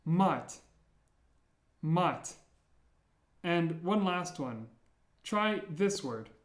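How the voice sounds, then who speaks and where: Guy teaching letters step by step, says each sound over and over, kinda high voice, roomy echo. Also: animated. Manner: patient, repeats each sound slowly for learners. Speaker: language teacher. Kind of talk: step-by-step language lesson.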